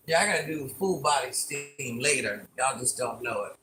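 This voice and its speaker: A woman's voice: extremely low pitch, normal speed, sharp tone, soft background music. A woman around fifty chatting on a phone livestream from her living room, reading viewer comments aloud and teasing back in a playful, repetitive way. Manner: chatty and teasing, repeats lines playfully, calls herself Granny.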